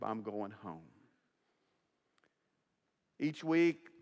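A man preaching an earnest sermon as pastor, now and then singing hymns. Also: fairly low pitch. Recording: long reverb of a church hall.

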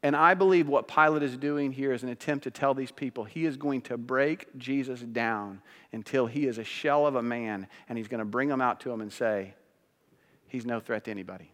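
A man preaches from a church sanctuary in an ordinary mid-range voice. He drops to hushed, slow phrases, then climbs to loud, high peaks. His words ring out with a long reverb from the hall around him. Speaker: pastor. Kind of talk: sermon.

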